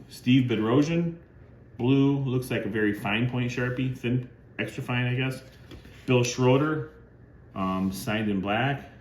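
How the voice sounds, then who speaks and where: Low-voiced middle-aged man, roomy echo. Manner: lists items plainly, bursts into loud woohoo cheers. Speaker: card collector and channel host. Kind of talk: casual show-and-tell narration. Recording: echoey room with faint ambient noise.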